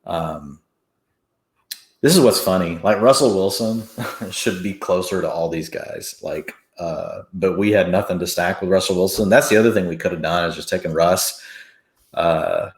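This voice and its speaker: A man co-hosting a casual sports podcast, animated, chuckling often and restarting sentences. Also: low-pitched, normal speed, roomy sound. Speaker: podcast co-host. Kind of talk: casual fantasy football chat.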